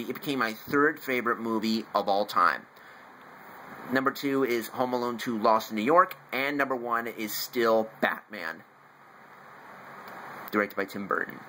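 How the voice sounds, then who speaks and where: A man's voice: mid-range voice, animated, a little slow, pushed and bright, slight background noise, poor audio. A man casually reviewing a favorite movie and showing his figures, rambling and correcting himself as he goes. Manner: eager fan showing off collectible figures. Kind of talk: casual home video review.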